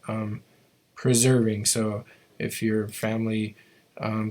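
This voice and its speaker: A man's voice: medium pitch, darkish tone. A man teaching a language class, patiently explaining how to make each sound, with frequent ums and restarts.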